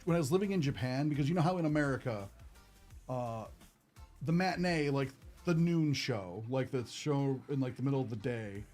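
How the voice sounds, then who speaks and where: A man's voice: mid-range voice, animated, normal speed, darkish tone, faint music behind. A young man hosting a card-opening stream, chatting casually and rambling with lots of fillers. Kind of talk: casual chat while opening cards.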